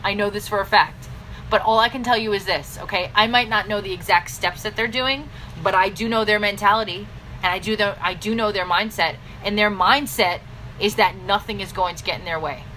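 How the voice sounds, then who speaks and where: A woman business coach giving a blunt, scolding pep talk straight to camera, with sudden swings in pitch. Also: brisk, pushed and bright, a little hiss or hum, low-quality recording. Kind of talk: direct-to-camera motivational vlog.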